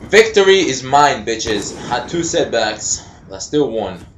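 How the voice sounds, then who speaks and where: A young man talks through a shooter match in a slow, drawn-out way, his pitch leaping all over the place. He trash-talks and swears at the other players and now and then shouts. The room sounds hollow and echoey, and in-game gunfire rattles behind him. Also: sing-song, a little hiss or hum. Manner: foul-mouthed trash talk, bursts of yelling. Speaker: gaming commentator. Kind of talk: live gameplay commentary. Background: video game gunfire.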